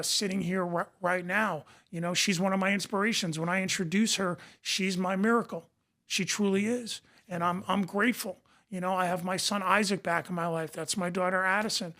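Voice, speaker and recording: A high-pitched man with a bright, forceful voice talks in a passionate, emphatic way. He repeats phrases to drive each point home and speaks as a recovery coach and podcast guest. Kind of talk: passionate conversation.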